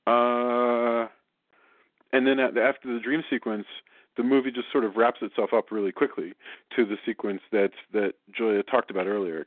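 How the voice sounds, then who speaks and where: A man's voice: medium pitch, no room sound. A man cohosting a casual film review podcast, talking enthusiastically and rambling with restarts. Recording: dry, phone-like podcast line.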